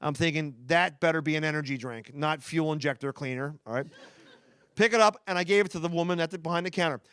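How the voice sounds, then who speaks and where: A man with a Philadelphia accent doing a stand-up comedy set before a live audience, talking fast and rambling with restarts and asides to the crowd. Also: a little high, fairly bright tone, smooth, dry recording.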